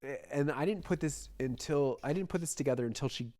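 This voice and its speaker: A man's voice: fairly high pitch, fast, darkish tone. A man co-hosting a podcast, chatting casually about a film and thinking aloud with fillers. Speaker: podcast co-host. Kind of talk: casual film-review chat.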